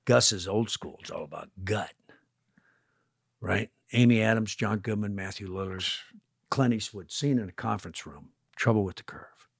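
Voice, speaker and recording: A man in his sixties, an actor guest, telling animated stories in a casual podcast interview, sometimes swearing. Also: lowish voice, moderate pace, vocal fry, slightly rough, dry recording, studio quality. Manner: animated storyteller, swearing, acts out quotes. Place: podcast studio. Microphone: studio headphones and mic.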